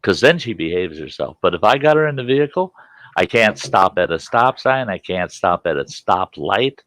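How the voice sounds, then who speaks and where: A man in his sixties in casual storytelling, animated and acting out voices, swearing freely. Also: low-pitched, moderate pace, dry recording. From Wisconsin. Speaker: vlogger.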